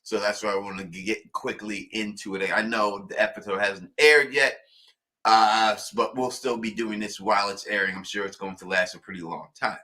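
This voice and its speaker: Male livestream host, bright forceful tone, energetic, laughs a lot. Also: lowish voice, moderate pace. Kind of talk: casual call-in livestream chat.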